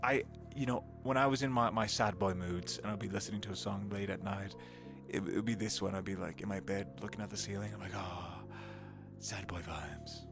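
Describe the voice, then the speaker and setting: A male voice actor chatting casually on a live stream, animated and talkative, laughing often. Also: on the low side, fast, creaky, music in the background.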